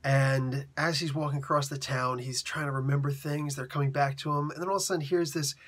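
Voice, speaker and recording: A man's voice: medium pitch, steady tone, a little fast, fairly bright tone, husky. A man who reviews comics, retelling a story in chatty, slangy casual talk. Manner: chatty, slangy, laughs often.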